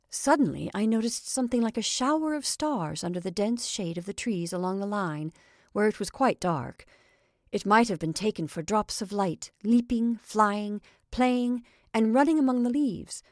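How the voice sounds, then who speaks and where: A woman narrating a classic short story in a measured, expressive reading. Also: lowish voice, no room sound, studio quality.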